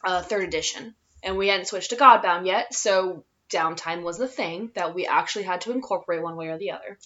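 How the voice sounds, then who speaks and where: A woman's voice: fairly low pitch, a little fast, fairly bright tone. Rambly twenties woman co-host, filler-heavy chat, muffled lo-fi sound. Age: 20s. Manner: rambling, many fillers, laughs easily. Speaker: player and podcast co-host. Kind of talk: casual podcast chat.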